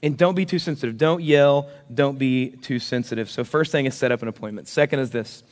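A man in his thirties, a pastor, giving a sermon with animated, self-deprecating stories. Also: medium pitch, brisk, in a large hall. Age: 30s.

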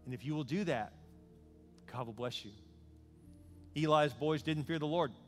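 A man's voice: a little high, moderate pace, soft background music. A male pastor preaching a sermon, urgent and pleading as he makes an altar call.

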